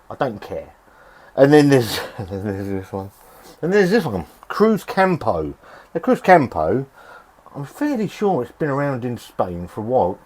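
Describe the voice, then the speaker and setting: A man's voice: mid-range voice, darkish tone. Brief: middle-aged male vlogger, sweary and rambling, voice swinging up and down. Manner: sweary, grumbling, rambling with restarts. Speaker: beer reviewer. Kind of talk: casual vlog review. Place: home shed.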